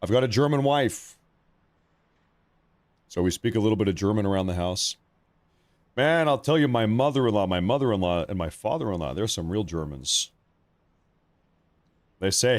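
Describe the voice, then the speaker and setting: Low-voiced man hosting a live stream. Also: animated, moderate pace, pauses often, dry recording. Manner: rambling, repeats himself, conversational. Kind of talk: casual live commentary.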